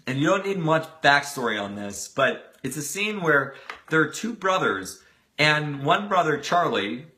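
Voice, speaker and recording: A man's voice: mid-range voice, sharp tone. A man giving a motivational video talk, earnest and emphatic, urging listeners toward change. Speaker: motivational speaker.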